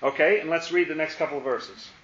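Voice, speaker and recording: A man teaching a Bible study, playful and animated, acting out the lines he quotes. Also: on the high side, brisk. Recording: roomy, dull lo-fi.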